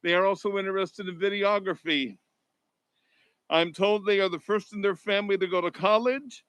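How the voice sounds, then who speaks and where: A man's voice: high-pitched, normal speed, fairly bright tone, smooth, no room sound, low-quality recording. A man formally presenting a scholarship award at a graduation ceremony, reading prepared remarks.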